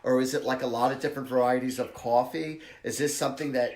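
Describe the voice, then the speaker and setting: A man with a New Jersey accent giving a live-stream psychic reading, pausing and searching for words with many ums and restarts. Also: medium pitch, steady tone, darkish tone, roomy sound, slight background noise. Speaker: psychic medium host.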